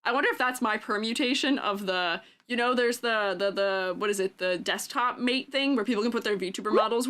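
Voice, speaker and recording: A woman's voice: medium pitch, brisk, few pauses, a bit bright. A young adult woman streaming, chatting casually and giggling with her viewers. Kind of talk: casual chat.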